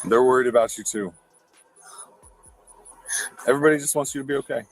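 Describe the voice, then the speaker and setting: A male police officer on duty, speaking calmly, politely and reassuringly. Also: medium pitch, fairly quick, rough recording.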